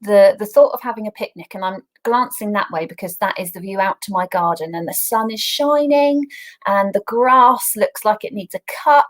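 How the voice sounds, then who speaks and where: An English woman talks to children at home in a relaxed, chatty way, as if over a video call. She keeps the tone homely and light, slipping in small laughs as she goes. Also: mid-range voice, moderate pace, rough recording. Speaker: church talk leader. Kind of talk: casual children's church talk. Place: home by a garden window.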